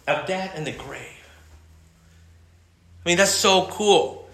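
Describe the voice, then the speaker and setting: A man's voice: sits high, expressive, takes it slowly, long pauses, fairly bright tone, roomy sound. A male pastor preaching an impassioned sermon, repeating himself and restarting phrases as he builds his points. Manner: impassioned, repetitive, with many restarts.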